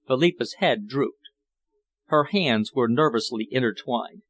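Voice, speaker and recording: Male audiobook narrator, measured and even, steady storytelling. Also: mid-range voice.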